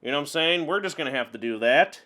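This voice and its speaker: A man giving casual, animated commentary while playing an online card game, ranting and laughing as he goes. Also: fairly high pitch, quick pace. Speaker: gameplay commentator.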